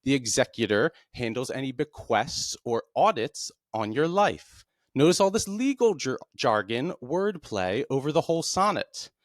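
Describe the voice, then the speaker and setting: Guy hosting his show, breaks stuff down slow and plain, voice jumps around a lot. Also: no echo, studio quality. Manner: plain, deliberate explaining with lively pitch swings. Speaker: podcast host. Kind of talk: explanatory monologue.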